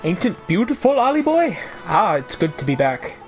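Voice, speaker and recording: A chatty little fairy man, as a streamer puts him on, in a hammy mock Irish accent that keeps drifting Australian. The voice sits fairly high and swings about playfully. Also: big pitch swings, fairly quick, soft background music. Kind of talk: reading game lines aloud on a stream.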